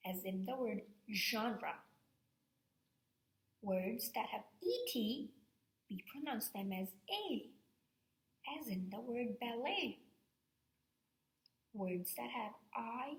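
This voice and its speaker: Woman, schoolteacher, recorded lesson for children, slow patient explaining, echoey room. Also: a little high, a bit bright. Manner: slow, patient, explaining step by step with frequent "okay?". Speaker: teacher. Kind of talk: recorded reading lesson for fourth graders.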